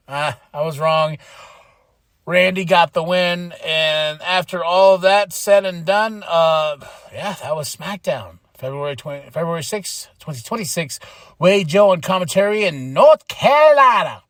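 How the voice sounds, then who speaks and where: A man hosting a podcast, giving a casual, rambling recap of a show with frequent laughs and excited bursts. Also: fairly high pitch, normal speed, no room sound, clean studio sound. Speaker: podcast host.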